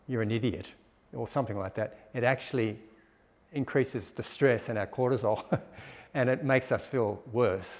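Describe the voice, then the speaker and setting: A man with a gravelly, creaky voice gives a gentle, explanatory dharma talk. His words ring out with the long reverb of a meditation hall. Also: medium pitch, normal speed. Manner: gentle, explanatory, with soft laughs. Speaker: dharma teacher.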